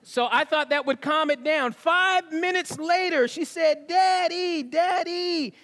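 A man with a very high voice delivers a sermon to his congregation. He preaches in an easy, conversational way, mixing asides with scripture. His voice rings out into the long reverb of a church hall. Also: unhurried, sharp tone. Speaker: pastor. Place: church sanctuary.

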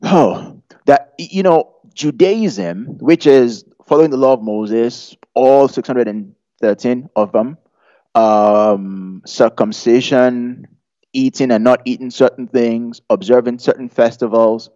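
A man preaches in a loose, conversational way, full of jokes and questions thrown out to his listeners. His voice is mellow and relaxed at a middling pitch. The sound is dry and a little muffled. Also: slow, dry recording. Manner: humorous, chatty, asks the audience questions. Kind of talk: conversational sermon. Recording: dull lo-fi sound.

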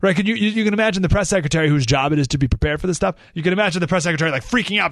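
A man hosting a talk radio show, delivering an animated monologue full of rhetorical questions and sarcasm. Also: high-pitched, racing, no room sound, studio quality.

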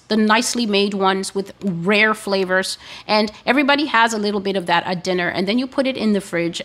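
A woman giving a sermon-style teaching, speaking in a slow, emphatic and deliberate way. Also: medium pitch, a bit bright. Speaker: preacher.

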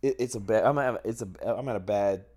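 A man's voice: on the low side, a little fast, darkish tone. A man telling a personal story in casual podcast chat, blunt and profane, with lots of restarts.

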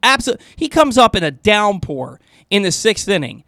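Excitable high-voiced man talking sports. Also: normal speed, vocal fry, no echo, clean studio sound. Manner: animated, excitable, stumbles and repeats words. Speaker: sports radio co-host. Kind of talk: casual sports talk.

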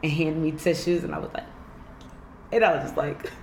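A woman's voice: low voice, a little fast, roomy sound, a little hiss or hum. A woman in casual podcast chat, candid, laughing often and swearing freely. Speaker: podcast co-host.

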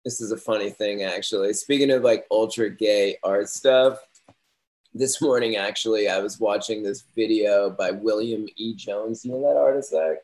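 A man's voice: on the low side, normal speed, darkish tone. A man talking casually with friends, rambling with many fillers and laughing at his own stories. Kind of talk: casual podcast chat.

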